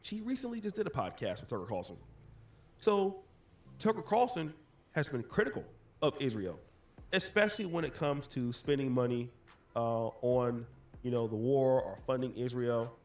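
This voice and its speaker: A man's voice: mid-range voice, animated, moderate pace, a little mellow. A man in explanatory commentary, walking listeners through a story step by step.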